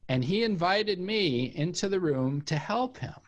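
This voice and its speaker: An author and former cult member, appearing as an interview guest, tells a personal story in casual conversation. He has a high voice and a measured pace, and he animatedly acts out the voices of the people involved.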